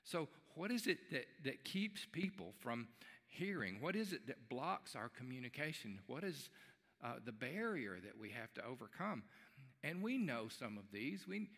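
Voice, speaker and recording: A man's voice: medium pitch, a bit bright. A male pastor preaching a sermon at a live church service, telling a folksy joke and acting out its voices. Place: church sanctuary. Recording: live church stream with long hall reverb.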